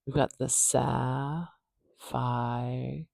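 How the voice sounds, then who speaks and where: Woman teaching phonetics, slow and unhurried, with a dry close-up sound and patient, demonstrative repetition. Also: very deep voice, fairly even intonation, vocal fry, a little mellow, no room sound. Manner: patient, repeats words slowly to demonstrate sounds. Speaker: pronunciation teacher. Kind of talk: phonetics tutorial, transcribing words aloud.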